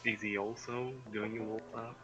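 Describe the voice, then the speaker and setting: A man's voice: lowish voice, level tone, brisk, sharp tone, dull audio, faint music behind. A man playing in a tabletop game, talking hesitantly with many fillers. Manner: hesitant, lots of fillers and restarts. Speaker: player.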